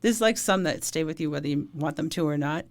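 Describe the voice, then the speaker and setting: A woman's voice: sits low, fairly quick. A middle-aged woman, a first responder, telling blunt, talkative stories in a casual interview and laughing often.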